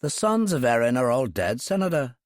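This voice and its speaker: A sardonic Irish tough, cheeky and cutting, his lines bouncing lively in pitch, as a male narrator reads him. The sound is close and dry. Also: a little fast, no room sound, lightly acted.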